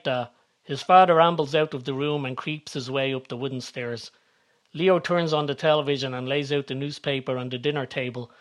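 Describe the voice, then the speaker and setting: A man narrating a story in a steady, descriptive reading voice. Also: mid-range voice.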